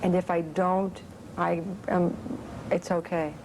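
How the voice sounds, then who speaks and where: A woman's voice: on the low side, flat delivery, slow pace, darkish tone, a little hiss or hum, low-quality recording. A woman actress giving a casual interview, rambling and chatty with many fillers.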